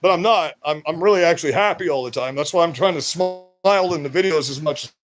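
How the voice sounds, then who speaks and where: A man livestreaming from his work shed on a phone, talking loud, rambling and profane, wired on energy drinks, so that he always sounds like he is yelling. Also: a little high, quick pace. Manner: loud, rambling and profane, with many "you know"s. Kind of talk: livestream rant.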